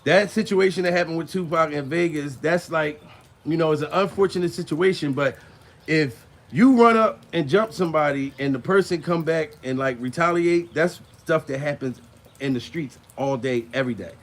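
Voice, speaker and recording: A man's voice: fairly high pitch, moderate pace. A man doing casual comedic commentary, crude and rambling, laughing between lines and out of breath.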